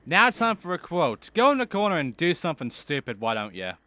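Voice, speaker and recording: Lively, bright-voiced man doing game commentary. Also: a little high, brisk, no room sound. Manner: offhand and profane. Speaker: let's play host. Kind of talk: casual gameplay commentary.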